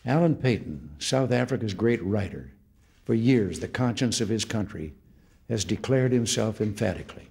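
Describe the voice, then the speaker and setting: A man in his seventies from the United States speaks at a podium in a formal state room, laying out a policy address in slow, deliberate phrases. His voice is husky and sits a little low. The delivery is that of a practiced speaker reading a prepared text. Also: lively intonation, a little mellow. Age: 70s. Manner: measured, deliberate oratory in short phrases. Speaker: head of state giving an address.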